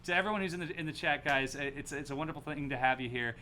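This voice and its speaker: An upbeat man hosts a casual livestream, calling out viewer names and chatting freely. His voice sounds bright and forward. A faint hum of ambience sits behind him. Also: a little high, very fast. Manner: upbeat, reads chat names aloud. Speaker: livestream host.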